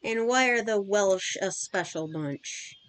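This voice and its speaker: While gaming on stream, a woman in her thirties talks in a mid-range voice at a slow pace, chatting casually and rambling with fillers.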